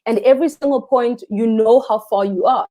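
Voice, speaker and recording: Guest spot: young South African woman, warm mellow tone, earnest and expressive about the ocean. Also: fairly high pitch, fairly quick. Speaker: freediving instructor, guest. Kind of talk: live interview chat.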